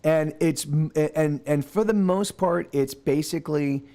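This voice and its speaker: A man's voice: on the high side, a little slow, mellow. A man working as game master, narrating a tabletop game and rambling with many restarts.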